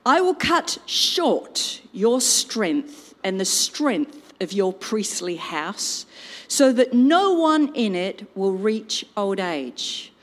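A woman voicing a stern male prophet, proclaiming slowly and gravely. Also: mid-range voice, sing-song, exaggerated voice. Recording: long reverb.

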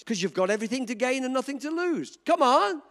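A high-pitched, lively male pastor preaches to his congregation, joking and then driving his points home with emphatic bursts. His voice swoops up and down as he goes. Long reverb from the church hall trails behind every phrase. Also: fast. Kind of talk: sermon.

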